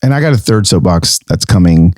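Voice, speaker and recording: A man's voice: low-pitched, animated, brisk, a little mellow, no echo, studio quality. A man in his forties hosting a solo podcast, telling a self-mocking story and then giving an emphatic pep talk with repeated phrases. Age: 40s. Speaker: podcast host.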